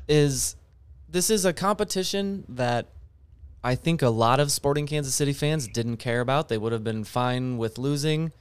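A man's voice: medium pitch, clean tone, no echo. A man on a soccer podcast, giving wry, exasperated fan commentary. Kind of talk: casual sports chat.

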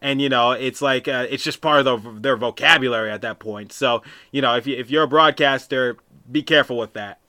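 A man's voice: mid-range voice, brisk, few pauses, bright, forceful tone. A man hosting a podcast, telling a story in a casual, rambling way with many restarts and asides. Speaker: podcast host.

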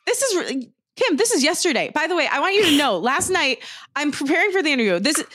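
Young woman podcast host, animated storyteller; higher voice, dry sound. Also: quick pace, dry recording. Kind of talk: casual chat.

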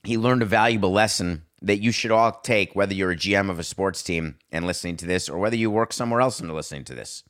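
A middle-aged man hosting a sports talk show, animated and sarcastic, slipping into mocking voices. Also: low-pitched, fast, hardly any pauses. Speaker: podcast host.

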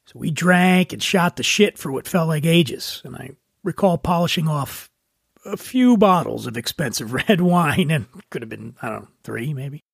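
A man hosting a storytelling show, telling his own story in a relaxed, wry, conversational way. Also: a little high, moderate pace, creaky, breathy edge, no echo, studio quality. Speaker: podcast host. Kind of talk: storytelling monologue.

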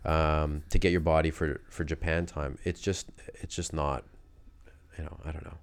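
A man casually recounting his fighting days in a loose, animated way, full of fillers. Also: rumbling low, moderate pace. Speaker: guest telling fight stories. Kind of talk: casual conversational storytelling.

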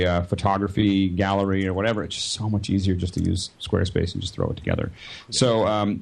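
Low gravelly guy rambling through a podcast ad read, lots of uhs. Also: darkish tone. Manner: loose, rambling, lots of fillers. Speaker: regular podcast panelist. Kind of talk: casual podcast chat and sponsor read.

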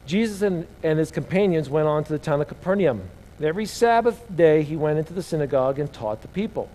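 A man's voice: fairly high pitch, expressive, quick pace. A man preaching a sermon, reading scripture and asking the room rhetorical questions, his voice swelling and dropping. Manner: rises and drops in loudness, rhetorical questions. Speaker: pastor. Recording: long hall reverb.

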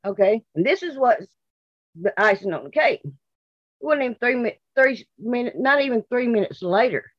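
Blunt and indignant, a Southern-accented woman from Mississippi keeps repeating herself as she recounts in an interview how her daughter disappeared. She speaks at normal speed in a higher voice with lively intonation, on a lo-fi recording without echo.

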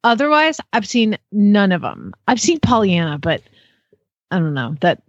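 A woman in her thirties, co-hosting a casual chat, telling a story in an animated way and laughing often. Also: moderate pace, no echo. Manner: animated, laughing, acts out quotes in high voices. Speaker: co-host. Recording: dull lo-fi sound.

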